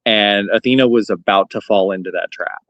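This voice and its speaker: A man co-hosting a casual recap podcast, relaxed and conversational. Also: lowish voice, a little fast, no room sound, muffled recording. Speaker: podcast co-host.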